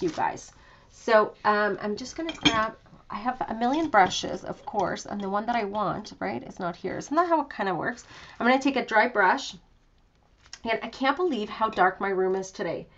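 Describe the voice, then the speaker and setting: A woman's voice: medium pitch, moderate pace, a bit bright. Woman, young adult, craft tutorial host, chatty, self-deprecating, home craft room, slightly muffled audio. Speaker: craft demonstrator. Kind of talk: live online craft tutorial.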